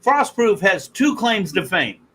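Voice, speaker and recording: Bright, joking male podcast host. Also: high-pitched, very animated, measured pace, a little hiss or hum, rough recording. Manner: loud, joking storyteller who teases guests. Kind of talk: casual podcast banter.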